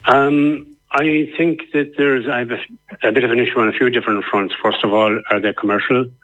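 Irish caller on a tinny phone line. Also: male voice, mid-range voice, fairly even intonation, brisk. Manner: earnest, hesitant with many ums. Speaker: radio caller. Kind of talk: phone-in opinion.

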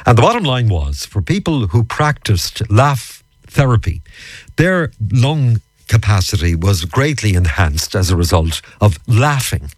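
Lively male radio presenter. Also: fairly low pitch, breathy edge, no room sound. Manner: chatty, lively intonation. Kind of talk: morning radio interview.

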